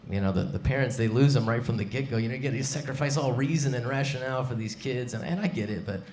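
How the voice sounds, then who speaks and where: A man performing a live stand-up set on a comedy club stage, wry and deadpan, speaking into a stage mic. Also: mid-range voice, quick pace, a little hiss or hum. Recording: echoey club with loud crowd.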